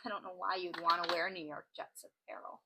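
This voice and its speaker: A woman with a fairly low, level-toned voice talks briskly as she hosts a crafting channel, chatting casually and joking while reading out odd laws. Heavy background noise sits under the recording.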